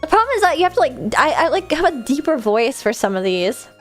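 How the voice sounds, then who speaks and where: A high-voiced young American woman runs her livestream in loose, bubbly chatter. She laughs often and swears freely while answering chat, with soft music in the background. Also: sing-song, quick pace. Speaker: livestream host. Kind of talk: casual stream chat, reading chat aloud.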